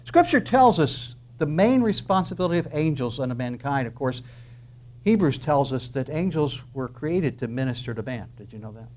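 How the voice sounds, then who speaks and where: A man preaching a sermon emphatically, asking rhetorical questions and dropping into soft asides. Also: mid-range voice, big pitch swings, normal speed. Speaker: pastor.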